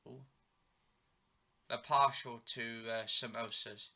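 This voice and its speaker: Rambling man with a very bright voice. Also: mid-range voice, fairly even intonation, slow, pauses often. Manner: rambling, retells dialogue with "he goes" and "she said". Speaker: TV episode reviewer. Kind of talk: live play-by-play recap while watching.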